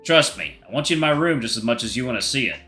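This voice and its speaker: Brief: male streamer voicing a caring young guy, earnest, bright tone, close and plain. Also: mid-range voice, expressive, fast talker, soft background music. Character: protective young man, a caring boyfriend.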